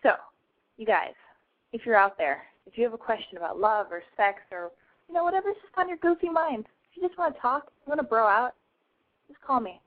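A brash woman hosting a call-in talk show, with a fairly high voice and giddy, swearing chatter. The sound is thin and narrow, like a phone line. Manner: brash, giddy, profane, animated. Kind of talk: casual talk radio monologue.

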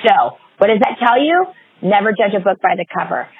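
A woman fitness executive, a guest in an interview, telling stories with lively acted-out quotes. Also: mid-range voice, brisk, breathy edge, no echo. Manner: animated storyteller, acts out quoted voices. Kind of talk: interview storytelling. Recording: dry, phone-like lo-fi audio.

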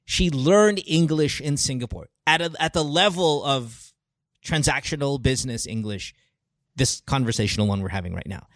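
A man hosting a radio show, chatting in a lively, excitable way and laughing often. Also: medium pitch, normal speed, dry recording, studio quality. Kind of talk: casual chat.

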